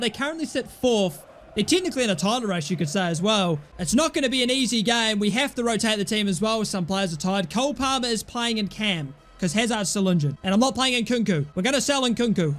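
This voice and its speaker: A young man commentating his own football game play, excitable, grumbling at misses and yelling at goals. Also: sits high. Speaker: gaming YouTuber. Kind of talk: casual gameplay commentary.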